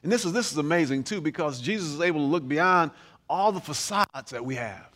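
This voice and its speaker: Bright, high-voiced animated preacher. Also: male voice, brisk. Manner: animated, humorous, repeats words when building up. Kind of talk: sermon. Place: church.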